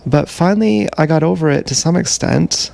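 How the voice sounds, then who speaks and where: Gravelly man telling a blunt confessional story. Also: fairly high pitch, a little mellow. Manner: blunt, profane, halting with many fillers. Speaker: livestreamer. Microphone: action camera.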